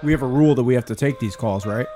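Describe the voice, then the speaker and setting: A man's voice: medium pitch, rapid-fire, over music. A male podcast host bantering crudely and sarcastically, teasing a caller in a mock-serious tone.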